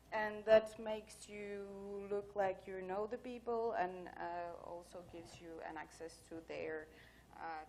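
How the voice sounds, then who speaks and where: A woman giving a conference talk, telling anecdotes in a chatty way full of fillers. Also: medium pitch. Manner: chatty, storytelling with many fillers. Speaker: conference speaker. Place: conference hall.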